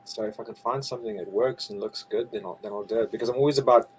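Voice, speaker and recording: A man's voice: lowish voice, quick pace, crowd noise, poor audio. A man, chatting casually as a game creator guest on a video call and restarting his sentences often. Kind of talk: casual interview chat.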